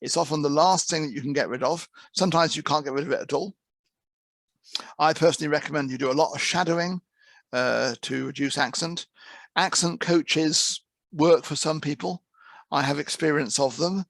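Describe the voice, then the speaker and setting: A man leads a talk for trainee interpreters in a relaxed, conversational way, doubling back on words as he goes. His voice is a bit higher than usual and gravelly with fry. The sound is dry and close, with no room around it. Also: normal speed, no room sound. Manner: conversational, repeats words when restarting. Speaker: interpreting course head and teacher. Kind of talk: online presentation to trainee interpreters.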